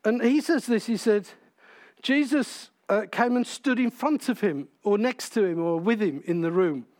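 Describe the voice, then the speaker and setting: A man's voice: high voice, moderate pace, darkish tone. A man preaching a sermon in church, in a conversational way, asking the congregation questions.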